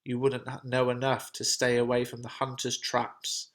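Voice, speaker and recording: Grieving noble mother, sharp-tongued, read in a plain, unhurried voice by a male reader. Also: medium pitch, completely flat delivery, natural voice. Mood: wry. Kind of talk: reading a play translation aloud.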